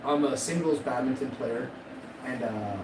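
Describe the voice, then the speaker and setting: A man's voice: medium pitch, unhurried. A man in his forties streaming live, telling a rambling, boastful, profane story and laughing at his own jokes. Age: 40s. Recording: echoey room, distant mic, loud background noise.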